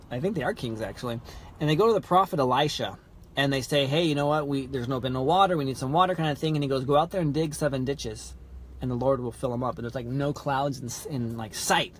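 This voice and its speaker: A man's voice: mid-range voice, a little hiss or hum. A young adult man hosting a podcast, telling a story in a casual way, acting out the dialogue with lots of fillers. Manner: animated, acts out quoted dialogue, many fillers. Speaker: podcast host.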